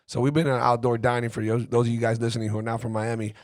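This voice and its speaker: A man's voice: medium pitch, little pitch movement, rapid-fire, darkish tone, no echo. A man hosting a podcast in easygoing conversation. He tells his stories loosely and swears offhandedly. The recording is dry and close. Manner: laid-back storytelling, swears casually. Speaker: podcast host.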